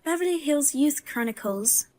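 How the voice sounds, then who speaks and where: A woman's voice: high-pitched, animated, normal speed, darkish tone. A woman voicing a heavily pregnant young wife who is suspicious, wry and grimly humorous. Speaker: pregnant daughter-in-law. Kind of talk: dramatized story voice-over.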